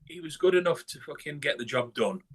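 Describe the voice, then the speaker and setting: A man's voice: on the high side, animated, brisk, a bit bright, husky. A man from northern England talking bluntly in a casual interview, swearing a lot and restarting his sentences. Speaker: guest musician.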